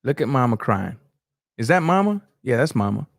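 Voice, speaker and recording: Male streamer, relaxed and talkative, even middle voice, dry close recording. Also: mid-range voice, normal speed, creaky, dry recording. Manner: laid-back, chatty, reads viewer comments aloud. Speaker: live stream host reacting to boxing. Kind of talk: casual live-stream commentary.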